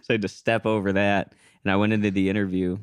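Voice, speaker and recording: A young man with a low voice tells a rambling story on a podcast, slipping into the voices of the people he describes. The sound is dry and close, with no room around it. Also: fast talker, clean tone, no echo. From small-town American. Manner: animated storyteller acting out quoted voices. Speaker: podcast host. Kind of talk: casual storytelling.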